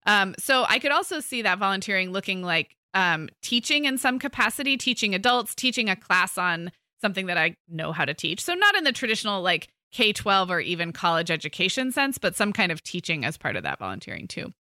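A woman's voice: mid-range voice, sing-song, fairly quick, hardly any pauses, pushed and bright, dry recording, clean studio sound. A middle-aged woman co-hosting a podcast, chatting casually with plenty of fillers and restarts. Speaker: podcast co-host. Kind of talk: casual chat.

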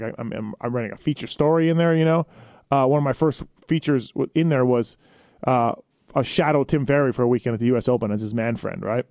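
Relaxed podcast host, steady man's voice. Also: mid-range voice, no room sound, studio quality. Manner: relaxed, agreeable, heavy on fillers and backchannel. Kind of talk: casual podcast conversation.

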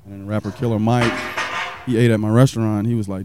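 A man's voice: lowish voice, level tone, fast, noisy background. A man from South Carolina, a pitmaster, telling his story in a casual interview, rambling with many fillers. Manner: rambling, many fillers, acts out quoted people. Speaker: pitmaster and restaurant owner.

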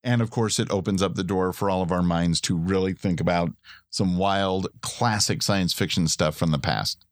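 A man's voice: low voice, steady tone, moderate pace, no echo, studio quality. A man co-hosting a casual TV recap podcast, enthusiastic, laughing often and playing up the drama. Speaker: podcast co-host.

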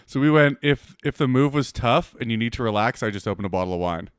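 A man co-hosts a podcast in loose, casual chat. His pitch jumps around a lot, and his talk is blunt, teasing and full of swearing. The sound is dry and close. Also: animated, fast talker, smooth, no room sound. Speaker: podcast co-host.

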